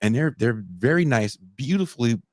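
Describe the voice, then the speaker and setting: Animated, profane podcast co-host. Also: male voice, medium pitch, moderate pace, no room sound, clean studio sound. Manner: animated, profane, laughs and shouts often. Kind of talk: casual podcast banter. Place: home in Mexico.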